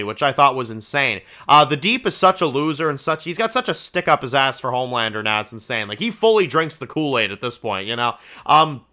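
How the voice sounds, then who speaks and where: A man hosting his own review channel, talking through a show in a casual, rambling, excitable way, with lots of swearing and "you know"s. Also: medium pitch.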